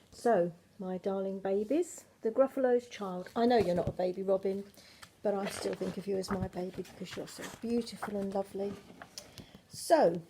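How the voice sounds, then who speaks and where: A woman's voice: mid-range voice, warm tone, slightly rough. An older woman reading a picture book to her grandchildren at home, affectionate and asking them questions about the pictures. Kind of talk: bedtime storybook read-aloud.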